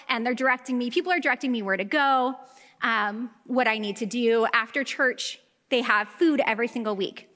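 A young woman gives a sermon from a church stage, her high, bright voice carrying a long reverb through the hall. She tells her stories with lively energy and slips into quoted voices as she goes. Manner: animated storytelling, acts out quoted voices. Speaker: preacher. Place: church sanctuary.

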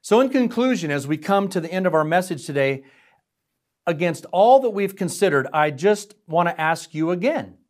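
A man preaching a sermon in an earnest, emphatic way, often asking his listeners questions. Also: high-pitched. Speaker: pastor.

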